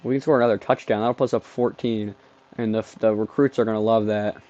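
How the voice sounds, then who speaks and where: A gaming streamer does excitable let's-play commentary on a football video game, trash-talking it and bursting into shouts. His voice is lowish and fast, captured on a dull, dry, lo-fi mic.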